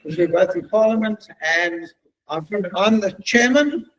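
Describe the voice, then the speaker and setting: A man's voice: high-pitched, lively intonation, measured pace, fairly bright tone, slight background noise, rough recording. A middle-aged man giving a chatty, joking talk as guest speaker, telling anecdotes. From South Africa. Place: synagogue event hall.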